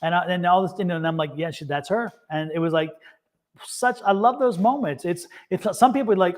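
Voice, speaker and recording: A man's voice: sits high, a little fast. A man hosting a live tarot reading session, chatting casually, repeating himself and laughing often. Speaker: tarot reader and co-host. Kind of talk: casual livestream chat.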